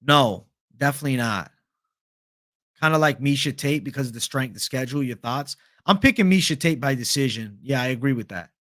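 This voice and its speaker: Relaxed American man reading chat. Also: medium pitch, brisk, no echo. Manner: relaxed, joking, reads chat aloud. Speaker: livestream host. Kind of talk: casual livestream chat.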